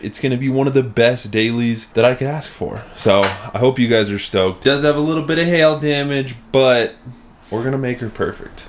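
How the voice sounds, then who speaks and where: A young man vlogging casually about his car, excitable and full of slang, talking to camera in and around the car. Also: medium pitch. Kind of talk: casual vlog talk to camera. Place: in and around a car, partly driving. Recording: clear car and road noise.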